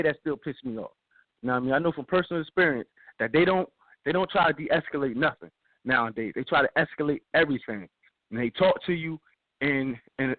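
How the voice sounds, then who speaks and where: A man telling a story in a casual, animated way, acting out other people's lines and repeating himself. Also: on the high side. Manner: animated, repeats himself, acts out the cops' shouting. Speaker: radio show guest telling a story. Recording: dry tinny phone-like sound.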